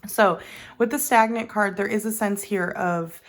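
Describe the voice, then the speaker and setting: A woman's voice: medium pitch, fairly even intonation, measured pace. A woman giving a casual tarot card reading, chatty and meandering, with many ums and self-corrections. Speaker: tarot reader.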